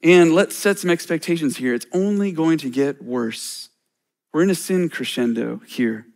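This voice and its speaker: A man's voice: a little high, moderate pace, vocal fry, a little mellow. A middle-aged man, a church elder, preaching a sermon in a conversational way with self-deprecating humor.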